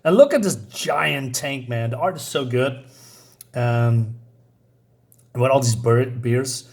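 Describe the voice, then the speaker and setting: A man reviews a comic book in a loose, chatty way. He rambles, fills pauses with "um" and "uh", and corrects himself often. He reads the characters' lines aloud in much the same plain voice as his own. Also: medium pitch, a little mellow. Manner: rambling, with many fillers and self-corrections. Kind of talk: casual video review.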